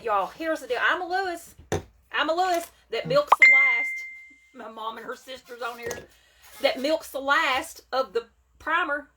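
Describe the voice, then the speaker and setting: A woman's voice: mid-range voice, bright, forceful tone. A woman, chatting folksily to viewers on a live stream while selling makeup. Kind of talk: casual live-stream chat.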